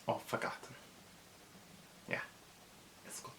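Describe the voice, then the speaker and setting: Vlogger, man in his 30s, mid-pitched, enthusiastic and personal, chatting casually about a film. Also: steady tone, moderate pace, creaky, pauses often, pushed and bright, a little hiss or hum.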